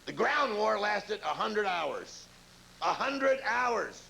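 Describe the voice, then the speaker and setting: Male comic, high gravelly voice, lively delivery, live crowd laughing loudly. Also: slow. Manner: animated, mocking, puts on silly voices. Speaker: stand-up comedian and guest. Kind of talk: stand-up comedy routine and talk show banter. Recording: live studio audience laughter and noise.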